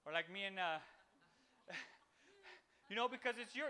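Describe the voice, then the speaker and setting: Man, devotional podcast host, high bright voice, loose rambling delivery with restarts. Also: moderate pace. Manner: animated, rambling with restarts, acts out quotes. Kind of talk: informal devotional teaching.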